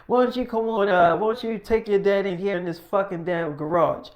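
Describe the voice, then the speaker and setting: Brief: a woman playing a ruthless hothead man, raised higher and louder, profane menacing rant. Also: a little fast, natural voice. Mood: angry. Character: hot-headed ruthless man, loud and profane.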